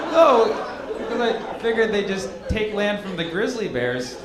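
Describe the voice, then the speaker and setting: Man joking over a loud club crowd. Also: sits high, reverberant, heavy background noise. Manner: playful, coaxing the crowd. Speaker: stand-up comedian. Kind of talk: stand-up set. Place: comedy club stage.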